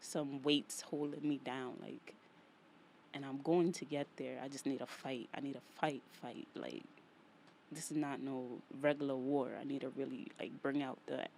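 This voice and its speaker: A woman's voice: a bass voice, moderate pace, vocal fry. A woman with a thick New York accent talks straight to her listeners, casual and full of slang. She keeps repeating lines for emphasis and shifts easily between playful jokes and heated venting. A faint hiss sits under her voice. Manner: animated, playful, slangy, vents with emphatic repetition. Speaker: podcast host. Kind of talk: casual solo podcast monologue.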